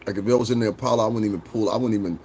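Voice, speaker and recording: A man livestreaming casual chat with his viewers, joking, swearing and laughing often as he rambles and acts out quick bits. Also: fairly low pitch, fairly even intonation, darkish tone, slight background noise. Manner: talks straight to chat, rambling with restarts.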